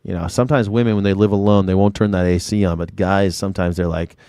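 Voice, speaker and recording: A man runs a loose livestream as an independent commentator. He rambles, swears freely and jokes back at viewers in the chat. His voice comes through smooth and crisp on a close, dry mic. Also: sits low, fairly even intonation, quick pace, mellow, no room sound. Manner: rambling, profane, jokey, talks back to viewers by name. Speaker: independent news and culture commentator. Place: home in Southern California.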